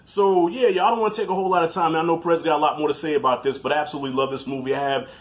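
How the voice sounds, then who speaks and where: A man in his thirties giving a casual, animated film review in slangy talk, laughing easily. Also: on the high side, racing.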